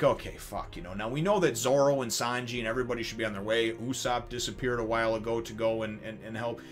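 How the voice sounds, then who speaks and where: Guy rambling thru a manga review, cussing a lot, tons of you-knows, faint music under it. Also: on the low side. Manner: rambling, swears, many fillers; grows loud and excited when retelling action.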